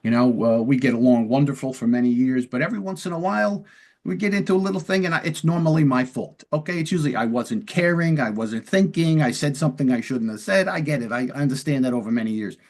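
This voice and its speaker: A man with a mid-range voice hosts a long-form interview and talks the listener through his points in a relaxed, conversational way. He slips into short acted-out dialogue to make his examples clear. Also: medium pitch, fast. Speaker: podcast host and police lieutenant.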